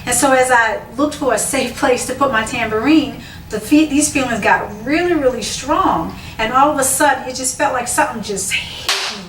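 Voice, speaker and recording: A woman telling a personal testimony to camera, animated and storytelling, with excited outbursts when she quotes herself. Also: sits high, moderate pace, few pauses, a little hiss or hum. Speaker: dance minister sharing a testimony. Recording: echoey room from far off with faint ambience.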